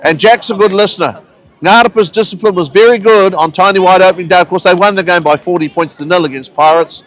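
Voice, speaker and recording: A man giving relaxed, chatty live commentary on a local rugby match, with friendly asides between the plays. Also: high-pitched, fast, poor audio. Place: outdoors at a rugby ground.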